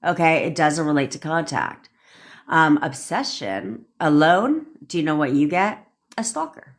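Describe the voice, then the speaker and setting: Low-voiced, blunt woman ranting on a live. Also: lively intonation, measured pace. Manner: blunt and profane, chatty, answers viewers by name. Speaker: manifestation coach hosting a livestream. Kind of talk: casual livestream rant and coaching.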